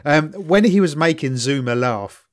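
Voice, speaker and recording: A man's voice: on the high side, lively intonation, measured pace. A man chatting casually on a podcast about a documentary he watched, laughing often and slipping into quoted voices. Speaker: podcast co-host. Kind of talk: casual chat reviewing a documentary.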